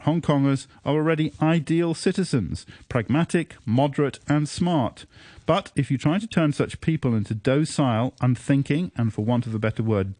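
A male radio talk-show host who reads out listener messages and introduces his guests, speaking in halting phrases with many "uh" fillers. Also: mid-range voice, warm tone, dry recording. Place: radio studio. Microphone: studio microphone.

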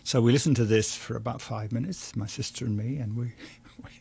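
Older man, gravelly and husky. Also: medium pitch, fairly even intonation, dark tone. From London, England. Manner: measured, anecdotal, with small restarts and light laughs. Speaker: interview guest, journalist and writer. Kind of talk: reflective interview storytelling.

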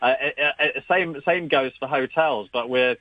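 A man's voice: mid-range voice, moderate pace, dry recording. A man appearing as a regular radio guest, telling a story with many restarts. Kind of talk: radio chat. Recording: dry, dull remote line.

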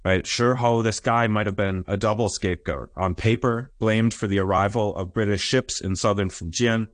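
Male academic lecturer, lowish voice, dry close mic, explanatory with frequent fillers. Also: fairly even intonation, normal speed, no room sound. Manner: explanatory, frequent "uh" and "right?" checks. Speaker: history lecturer. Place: lecture recording.

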